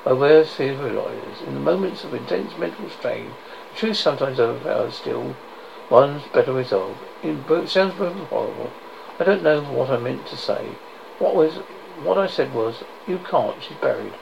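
Man, horror story narration, deep fry in the voice, stumbling restarts, noisy lo-fi recording. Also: lively intonation. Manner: measured reading with stumbles and restarts. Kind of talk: reading a horror story aloud.

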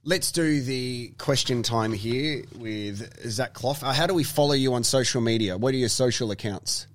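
A man's voice: medium pitch, moderate pace. A man with an Australian accent hosting a podcast, chatty and teasing his guest. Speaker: podcast host. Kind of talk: casual podcast interview.

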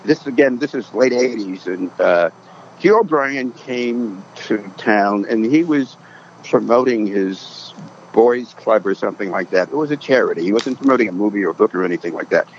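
A man's voice: fairly low pitch, normal speed, a little hiss or hum. An older man from Massachusetts telling anecdotes as a podcast guest, acting out the people in his stories. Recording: dull lo-fi sound.

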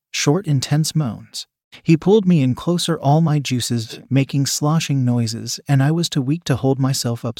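A man's voice: medium pitch, dark tone, no room sound, studio quality. A man steadily reading a first-person erotic story aloud. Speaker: narrator.

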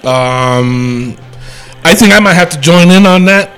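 A man co-hosting a casual wrestling podcast, talking in an animated, rambling way with restarts. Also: fairly high pitch, measured pace, clean tone, soft background music, poor audio. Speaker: podcast co-host.

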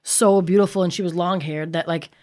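A middle-aged woman in casual chat, telling a story in a lively, swearing way and acting out what people said. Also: lowish voice, fairly quick. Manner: profane, animated storytelling with acted-out quotes.

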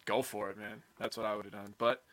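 Brief: young male co-host, bright tense tone, excitable and jokey, dry close mic. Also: fairly low pitch, fast, dry recording. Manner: excitable, jokey, swears casually. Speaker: podcast co-host. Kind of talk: casual sports chat.

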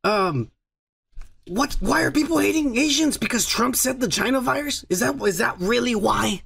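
A man's voice: very high-pitched, lively intonation, normal speed, gravelly, a bit bright, slightly rough. A man co-hosting a podcast, chatting casually in crude, profane, joking banter. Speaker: podcast co-host. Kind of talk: casual chat.

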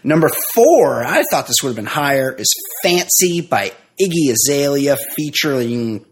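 A middle-aged man co-hosting a casual podcast. He makes dry, sarcastic asides at a middle pitch, and his delivery is quick and offhand. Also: animated, slight background noise. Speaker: podcast co-host. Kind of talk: casual chat.

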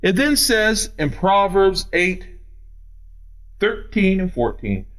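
A man preaching from the pulpit in a voice that rises and falls a lot. He reads scripture at a slow, deliberate pace. Then he breaks it down in casual talk with a Midwestern American accent. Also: high voice, very animated, fairly bright tone. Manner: reads scripture slowly, then explains in plain everyday talk. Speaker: pastor. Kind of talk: sermon.

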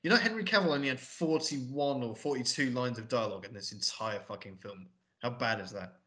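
A man's voice: mid-range voice, fairly quick, pushed and bright. A man hosting a film review podcast, chatting casually with lots of swearing and rambling asides. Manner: swearing, rambling, mocking impressions. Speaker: podcast host.

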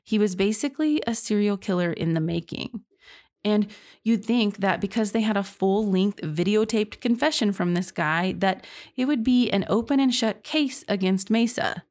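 A woman's voice: medium pitch, moderate pace, a little mellow. A young woman hosting a true crime podcast, telling the case in a chatty, casual way and reacting with disbelief. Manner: chatty, reacts with sighs and laughs, says y'all.

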